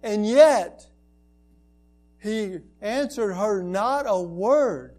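A man's voice: sits high, expressive, extremely slow, darkish tone. A man preaching a sermon as a pastor, speaking earnestly and building to emphatic, repeated lines.

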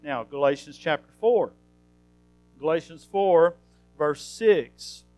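A man's voice: a little high, animated, slow pace, a little mellow, dry recording, soft background music, rough recording. A man preaching an earnest, conversational sermon, teaching from the Bible and building to emphatic questions.

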